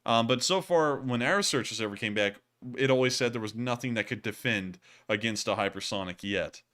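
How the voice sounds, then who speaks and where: A male livestream host chatting casually from a home setup. His voice is bright and smooth, and he rambles through viewer comments with frequent fillers and small laughs. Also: medium pitch, normal speed. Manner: rambling, chuckling, many fillers.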